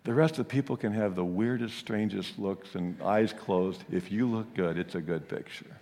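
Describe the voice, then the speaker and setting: A man preaching a sermon, telling the story with animated delivery and frequent chuckles. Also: on the low side, moderate pace, in a large hall, slight background noise.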